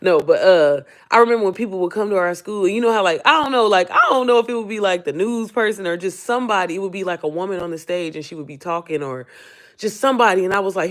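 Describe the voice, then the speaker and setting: A woman talks straight to her viewers in a loose live-stream Q&A, her voice hoarse and worn. She rambles, circles back, and speaks from the heart, often near tears. She keeps calling the audience y'all and sis. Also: fairly low pitch, quick pace. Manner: emotional, close to tears. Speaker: online business coach.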